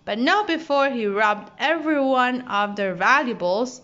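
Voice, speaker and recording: A woman's voice: fairly high pitch, expressive, measured pace, fairly bright tone. A woman voicing a group of worried sea turtles explaining events in a storybook reading. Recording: dull lo-fi audio.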